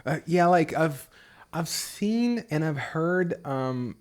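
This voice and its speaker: A man's voice: on the high side, expressive, slow pace, a little mellow. Thoughtful man, full of ums. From Brazil. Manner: thoughtful, hesitant with frequent ums. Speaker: podcast guest, English teacher. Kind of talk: casual interview chat.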